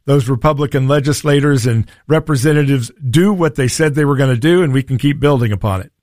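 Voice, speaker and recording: Folksy talk radio host, dry sound. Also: male voice, mid-range voice, fairly quick, a little mellow, no room sound. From Tennessee. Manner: folksy, combative opinion delivery.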